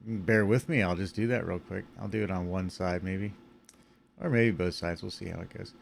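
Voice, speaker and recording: A man's voice: low voice, gravelly, slight background noise. A tired man casually walking through his animation puppet rig with many fillers, yawning now and then. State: sleepy. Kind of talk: casual screen-recorded tutorial.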